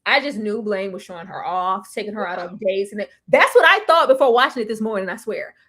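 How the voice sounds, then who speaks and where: A woman hosting a casual livestream chat, animated and slangy, laughing often. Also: mid-range voice, fast, a little hiss or hum. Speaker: livestream host.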